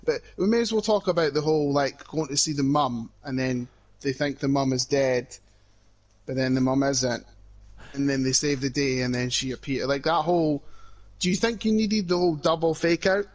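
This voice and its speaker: A man's voice: medium pitch, normal speed. A young Scottish man co-hosting a podcast, chatting casually with frequent restarts. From Scotland. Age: young adult. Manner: hesitant, many restarts and "like"s. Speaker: podcast co-host. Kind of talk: casual chat.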